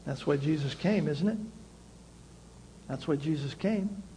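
A male pastor preaching a sermon, emphatic and repeating key phrases, with swings between loud passages and quiet ones. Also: fairly high pitch, measured pace, slight background noise, rough recording.

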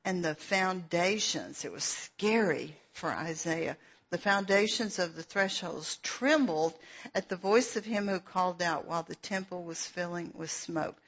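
Woman preacher, slow and earnest, husky voice, lo-fi dull recording. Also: lowish voice. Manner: unhurried, explains verses with asides and fillers. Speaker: Bible teacher. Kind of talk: slow, earnest sermon with scripture reading.

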